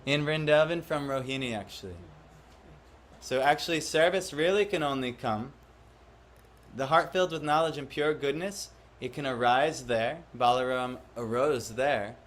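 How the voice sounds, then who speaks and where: A man's voice: medium pitch, normal speed. A man giving a devotional class to a live audience, often questioning the listeners and acting out the voices he quotes. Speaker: spiritual teacher.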